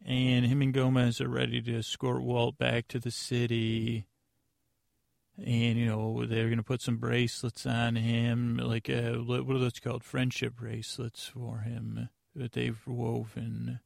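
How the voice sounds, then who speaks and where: A man hosting a podcast, giving a rambling, deadpan comedic recap of an episode with lots of fillers and restarts. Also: mid-range voice, a little slow, gravelly, no room sound, studio quality. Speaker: podcast host.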